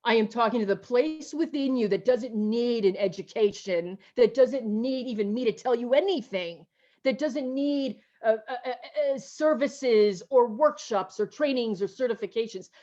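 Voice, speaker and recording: A woman pastor preaching a slow, emotional, repetitive sermon over a video call. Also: on the high side, mellow, lo-fi sound. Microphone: video call mic.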